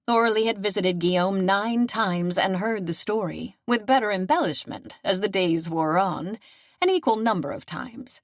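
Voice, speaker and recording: A woman narrating a historical novel audiobook in a steady, measured voice on a close studio mic. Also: mid-range voice, no echo. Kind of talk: scripted narration.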